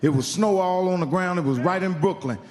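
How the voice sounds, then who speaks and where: A man's voice: high voice, fairly quick, darkish tone, long reverb tail. A man from Indiana doing stand-up, telling a profane story and acting out the other people in it. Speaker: stand-up comedian. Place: live comedy venue.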